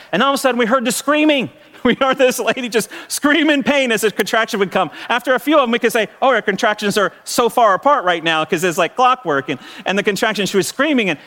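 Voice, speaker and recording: A middle-aged male pastor tells a personal story from the pulpit in a high, quick voice. He is animated, often laughing and restarting his phrases as he goes. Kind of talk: sermon storytelling.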